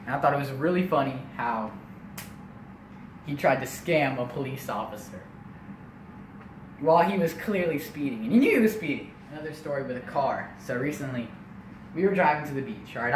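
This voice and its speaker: A young man telling a comedic family story in an animated way, full of casual asides. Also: medium pitch, a little fast, distant mic. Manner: animated, lots of filler asides. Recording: echoey room, faint noise.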